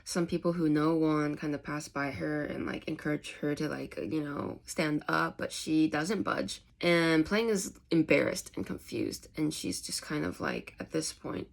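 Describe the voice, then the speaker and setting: Gravelly, low-voiced woman recapping a story. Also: a little slow, few pauses. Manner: chatty, full of "like". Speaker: book recap vlogger.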